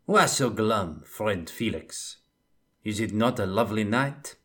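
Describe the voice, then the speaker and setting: A man's voice: on the low side, lively intonation, slow, fairly bright tone. A man voicing a sardonic fur-clad scout with a put-on Bretonnian, French-like accent. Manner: sardonic, wry.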